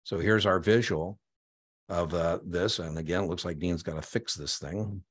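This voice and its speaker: Very deep-voiced energetic male instructor. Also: normal speed, husky. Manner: energetic and conversational, punctuating points with "boom". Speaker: exam prep instructor. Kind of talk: live online lecture.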